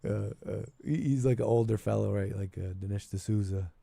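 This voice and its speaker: A man's voice: fairly low pitch, fairly even intonation, moderate pace, creaky, dark tone, slightly rough, no room sound, studio quality. A man hosting a call-in show, giving casual political commentary in a rambling way, restarting his sentences and trailing off into asides.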